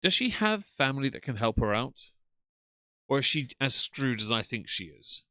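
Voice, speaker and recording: A man's voice: mid-range voice, sing-song, moderate pace, pushed and bright, dry recording, studio quality. A man chatting casually on a live stream, reacting to clips and reading out chat names with frequent ums.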